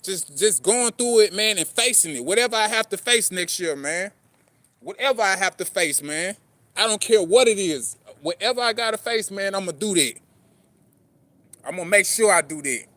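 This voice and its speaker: High, bright-voiced man giving street-talk motivation. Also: animated, moderate pace, dry recording. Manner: street slang, heavy swearing, repeats "man" and "you know what I'm saying"; rambling, earnest, greets passers-by. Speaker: poet and vlogger. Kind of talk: casual motivational talk to camera.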